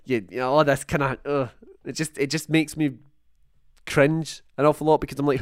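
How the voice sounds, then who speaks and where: A man's voice: mid-range voice, quick pace, no echo. A young man with a Scottish accent chats casually, rambling through long thoughts and correcting himself as he goes. His voice sits mid-range and is recorded close and dry. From Scotland. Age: young adult. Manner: rambling, self-interrupting, animated asides. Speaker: podcast co-host. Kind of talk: casual chat.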